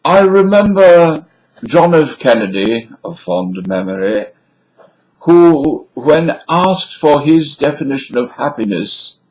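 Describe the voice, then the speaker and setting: Man, unhurried pace, digressive musing, webcam monologue, indoors. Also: fairly high pitch, sing-song, darkish tone, rough recording. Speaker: video lecturer on accents.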